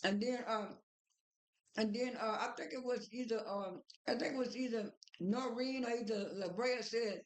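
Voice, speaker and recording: A woman's voice: a little high, normal speed. Rambling woman recapping in an echoey room. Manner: rambling, many fillers and restarts, retells dialogue. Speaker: reality TV recap vlogger. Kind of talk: casual episode recap. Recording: roomy echo.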